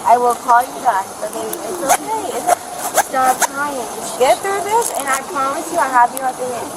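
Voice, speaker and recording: A woman's voice: high voice, animated, moderate pace. Woman soothing her partner at roadside. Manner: soothing, pleading, tender. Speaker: suspect's partner. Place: roadside traffic stop, outdoors. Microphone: officer's body camera. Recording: loud outdoor noise on bodycam.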